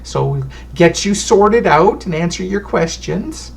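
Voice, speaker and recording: A man's voice: sits high, lively intonation, measured pace, gravelly, voice pushed up, exaggerated voice. A man voicing a sweet, fussy little old woman fortune teller who chats in a folksy way and calls people darling and honey. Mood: chatty.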